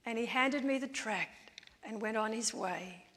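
A woman preacher retelling, in first person, the testimony of a lonely widowed woman, told quietly and confessionally. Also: on the high side, unhurried. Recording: long church-hall reverb.

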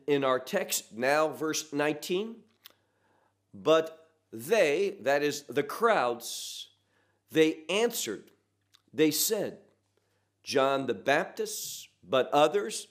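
A man teaching a sermon verse by verse, earnest and emphatic, asking the listeners rhetorical questions. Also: fairly high pitch. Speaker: pastor. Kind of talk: expository Bible teaching.

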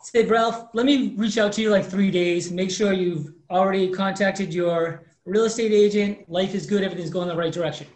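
His voice sits high and moves at normal speed with hardly any pauses as this fifty-something mortgage professional tells a personal story in an interview. He animatedly acts out the people he quotes, and there's a roomy echo.

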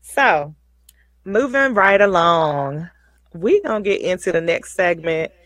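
A woman's voice: fairly low pitch, big pitch swings, slow, a bit bright, no room sound, rough recording. A woman hosting a casual livestream show, chatty and folksy, often repeating herself.

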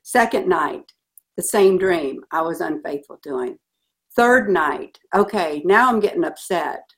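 A middle-aged woman telling a personal story in an interview, earnest and animated. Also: fairly low pitch, a little slow. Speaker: guest.

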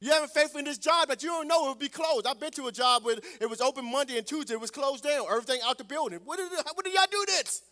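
A man preaching a sermon as pastor, calling out to the congregation and swelling loud on scripture. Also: very high voice, racing, hardly any pauses.

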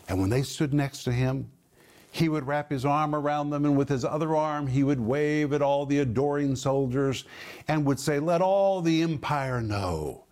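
A man hosting a televised Bible teaching, speaking earnestly and emphatically, slowing down to stress key phrases. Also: on the high side, a little mellow. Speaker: Bible teacher and TV ministry host.

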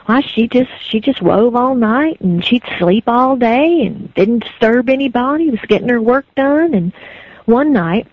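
A woman's voice: fairly high pitch, animated, measured pace, dry recording. A woman telling a folk tale in a rhythmic, repetitive, folksy way. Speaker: storyteller. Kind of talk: oral folk storytelling. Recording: dry, phone-like lo-fi recording.

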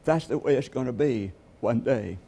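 A man delivers a sermon from the pulpit, weaving stories together with rhetorical questions aimed at the congregation. His voice is gravelly and a little husky. The overall tone sits dark and mellow. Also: mid-range voice, expressive, normal speed. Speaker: pastor.

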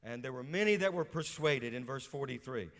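A middle-aged Louisiana pastor preaches in a church sanctuary, reading scripture and quizzing his congregation. His mid-range voice is a bit bright, lively in intonation and a little fast, and the hall is reverberant.

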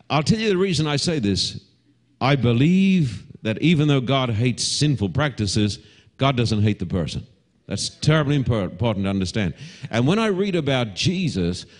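In a televised sermon before a live congregation, a middle-aged Australian pastor preaches with animation, his pitch swinging widely between high and low. He weaves homely stories and gentle humor into his message.

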